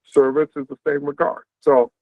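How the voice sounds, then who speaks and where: A man hosting an info session on a video call, explaining career paths quickly and conversationally, checking in with "right?". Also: a little high, flat delivery, darkish tone, no echo. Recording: tinny, phone-like dry audio.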